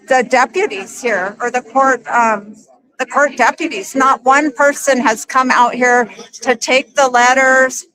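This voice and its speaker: High, bright-voiced woman reporter running live street interviews. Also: rough recording. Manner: quick, flustered asides and apologies. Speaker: reporter hosting a live press conference. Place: outdoor protest at a state capitol.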